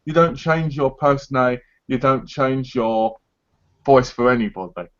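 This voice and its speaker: A man's voice: mid-range voice, normal speed, a bit bright, lo-fi sound. An English man co-hosting a casual live chat, blunt, sweary and mock-boastful. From England. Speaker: co-host. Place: living in America.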